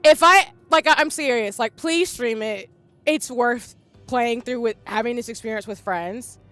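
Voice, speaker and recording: Woman, game streamer, crying, high voice, overwhelmed and gushing, close desk mic. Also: a little slow, a bit bright, faint music behind. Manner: gushing and overwhelmed, swinging between wailing and mumbling. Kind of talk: live gameplay reaction. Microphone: desk microphone.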